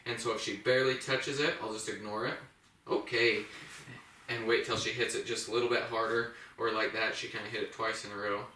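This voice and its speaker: A man's voice: little pitch movement, fairly quick, bright, forceful tone, far from the mic, slight background noise. A man working as a dog trainer, giving a practical step-by-step demonstration at home. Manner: plain, practical explaining, high praise voice to the puppy. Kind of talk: instructional demonstration. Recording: roomy echo, voice off-mic.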